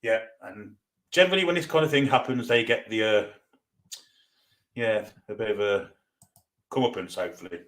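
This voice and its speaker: A man's voice: on the low side, moderate pace, pauses often, fairly bright tone. A man with a Geordie accent hosting a live football fan watchalong, chatting casually as he reads out viewer comments and banters back. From North East England. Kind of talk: live stream chat reading.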